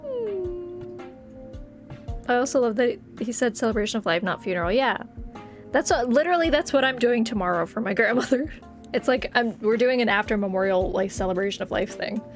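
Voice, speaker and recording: A woman's voice: on the high side, quick pace, faint music behind. A young woman streaming a game, reading its text aloud and reacting emotionally, at times tearful.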